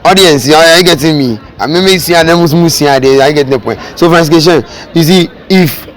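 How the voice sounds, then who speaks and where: A man's voice: a little high, quick pace, slight background noise, poor audio. A man asking passers-by questions in a casual street interview, teasing them and acting out pickup lines.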